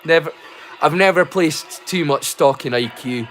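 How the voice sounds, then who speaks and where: A man's voice: fairly high pitch, unhurried, a bit bright. Drunk Scottish man rambling on a livestream. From Scotland. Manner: rambling, swearing, self-deprecating. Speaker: livestream host. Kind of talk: casual livestream chat.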